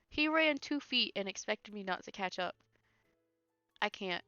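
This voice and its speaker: A woman's voice: medium pitch, expressive, takes it slowly, sharp tone, no room sound. A woman streamer giving casual gameplay commentary, laughing often and making sarcastic, teasing remarks. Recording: dull lo-fi stream audio with faint game music.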